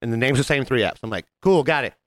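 A man co-hosting a casual podcast, telling an animated story and acting out the voices of the people in it. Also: medium pitch, fast talker, dry recording. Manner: animated, jumps into mimicked voices of customers. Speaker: podcast co-host.

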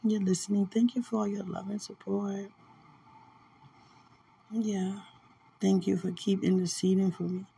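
A woman hosting a podcast, chatting casually and tenderly about faith while sounding sleepy, soft-spoken and given to small laughs. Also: medium pitch, flat delivery, a little slow, vocal fry, long pauses, slight background noise. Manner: soft, drowsy and affectionate, with frequent laughs. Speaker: podcast host. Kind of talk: casual faith-filled chat.

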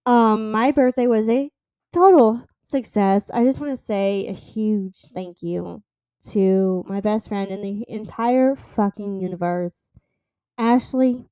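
A woman's voice: mid-range voice, takes it slowly, dark tone, clear, resonant tone, dry recording. A woman in her twenties hosting her own podcast, chatting casually and rambling with lots of fillers. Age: 20s. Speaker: podcast host. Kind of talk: casual solo podcast chat.

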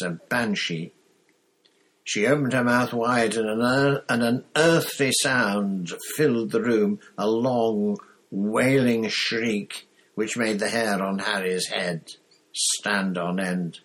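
Deep husky guy slowly reading a story out loud. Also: poor audio. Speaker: audiobook narrator.

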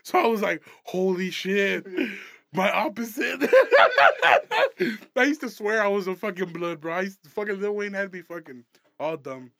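Young man, comedy podcast host, loose and profane, bright tone, dry close recording. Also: high-pitched, sing-song, normal speed, pauses often, dry recording. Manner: loose, profane, laughing often, rambling. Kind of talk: casual comedy podcast chat.

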